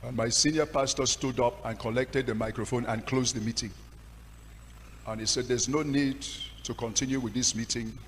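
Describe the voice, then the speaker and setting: A man with a Nigerian accent preaching a testimony sermon, swinging from hushed storytelling to loud, impassioned declaiming. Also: mid-range voice, fairly even intonation, moderate pace, in a large hall, slight background noise. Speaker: pastor.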